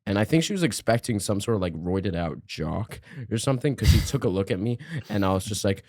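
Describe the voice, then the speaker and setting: Young male podcast host, low dry voice, rambling comic storyteller. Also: lively intonation, a little fast, darkish tone, no echo. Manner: rambling storyteller, laughs often, heavy filler words. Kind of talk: casual comedy podcast chat.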